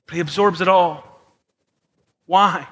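A man preaching a sermon as pastor, moving between soft, hushed lines and raised, emphatic ones. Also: high-pitched, takes it slowly. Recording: long hall reverb.

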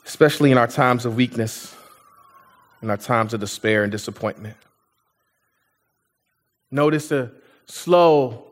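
This sermon comes from a male pastor in a church auditorium, whose voice sits high with a fairly bright tone. He talks conversationally, repeating himself and adding asides to the congregation, and a long reverb tail follows his words.

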